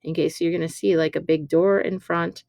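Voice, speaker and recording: A woman teacher walks through a recorded slide lesson. She is chatty and explains with fillers and quick self-corrections. Her voice sits low and sounds dry, close to a computer mic. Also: fairly even intonation, gravelly, darkish tone, no echo.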